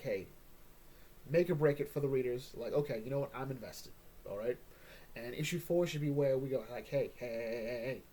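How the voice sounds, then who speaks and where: A man's voice: mid-range voice, dark tone. A man hosting a casual comic book chat, joking and rambling, often tagging on "all right?". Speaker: comic book podcast host.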